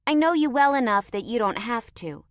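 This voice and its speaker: A woman's voice: on the high side, animated, moderate pace, no echo, studio quality, voice pushed up, close to an everyday voice. A woman voicing a kind, easygoing young woman from Canada who is the narrator's friend. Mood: teasing.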